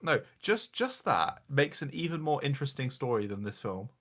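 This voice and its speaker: A man's voice: mid-range voice, big pitch swings, moderate pace, fairly bright tone. A man ranting as the reviewer, exasperated and mocking, swearing often as he goes through slides. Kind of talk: casual comedic rant.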